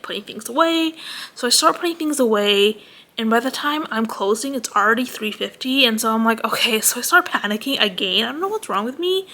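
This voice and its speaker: A young woman tells a rambling, nervous story about her day, fillers everywhere. Her voice sits a bit high and sounds bright, with a gravelly fry under it. She talks at home at night. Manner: anxious, rambling, full of "like". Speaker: vlogger. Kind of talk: casual storytime rant. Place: home at night, parents asleep nearby.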